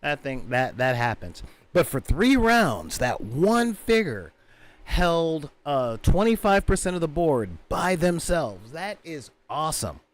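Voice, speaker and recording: A man with a somewhat high voice talks casually about tabletop games. He tells his stories in an animated way and drops into quick character voices as he goes. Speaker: tabletop gaming channel host. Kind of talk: casual chat.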